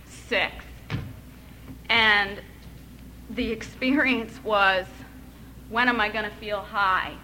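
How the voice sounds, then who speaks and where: Slow, bright-voiced woman in her thirties. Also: a little high, slight background noise, low-quality recording. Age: 30s. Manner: earnest, emotional storytelling with wry humor. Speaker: speaker sharing her recovery story. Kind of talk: personal testimony.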